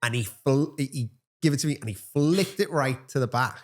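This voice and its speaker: A man's voice: mid-range voice, lively intonation, brisk. A man, a teacher co-hosting a casual chat, who tells rambling anecdotes full of quoted dialogue. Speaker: teacher and podcast co-host.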